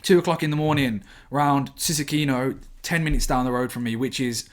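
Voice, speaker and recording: Young Brummie man, podcast co-host, blunt swearing banter, everyday pitch. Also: steady tone, fairly quick. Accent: Birmingham. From England. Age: young adult. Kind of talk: casual chat.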